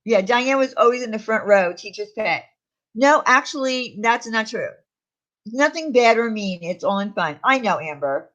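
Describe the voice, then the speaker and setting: Woman streamer, casual chat with viewers, slightly high voice, lo-fi muffled audio. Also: expressive, moderate pace, a bit bright. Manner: chatty, answers viewers' comments aloud.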